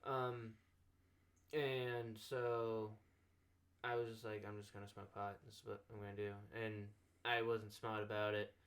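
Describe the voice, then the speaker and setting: A man's voice: lowish voice, flat delivery, measured pace, a bit bright. Young man, podcast host, casual storytelling, filler-heavy, quotes people in his tale. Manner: rambling anecdote full of "like" fillers, acting out quoted dialogue.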